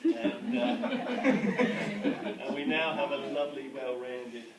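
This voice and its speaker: A man's voice: fairly high pitch, sing-song, takes it slowly, over a noisy crowd. A man giving a father of the bride wedding speech, joking and chuckling as he goes. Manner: joking, chuckling, gets emotional. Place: wedding reception hall. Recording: echoey hall from far off, loud ambience.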